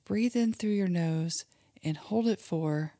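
A woman, a mother hosting a children's show, leads a guided imagery exercise in a gentle, soothing manner and sometimes drops to a soft whisper. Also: fairly low pitch, takes it slowly, dry recording, studio quality. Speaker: host and mother leading guided relaxation for kids.

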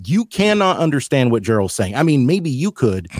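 A man chatting on a podcast, telling wry stories in an easy, relaxed way. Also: medium pitch, moderate pace, no echo, clean studio sound. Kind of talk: casual chat.

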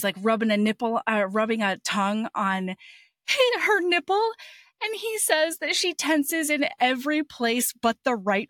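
A young woman host giving a chatty, animated book recap, swearing casually. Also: a little high, dry recording, studio quality. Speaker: podcast host.

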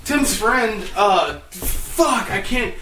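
A man's voice: high voice, expressive, very slow, pushed and bright, echoey room. A man in casual chat with friends, rambling with lots of fillers. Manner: rambling storyteller, many fillers like "like".

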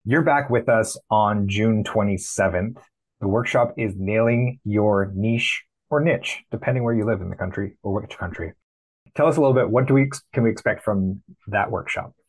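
A man's voice: fairly low pitch, normal speed, darkish tone, rough recording. A man interviewing a guest, giving brief affirming replies and wrapping up the conversation. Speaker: interviewer from podcast production company. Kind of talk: casual interview.

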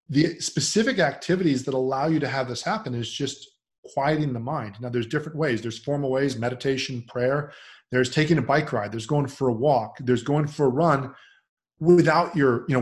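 A middle-aged man appears as a podcast guest, talking through his ideas in a casual, thoughtful interview. His mid-range voice is reflective, turning animated as he acts out friends or his own inner thoughts.

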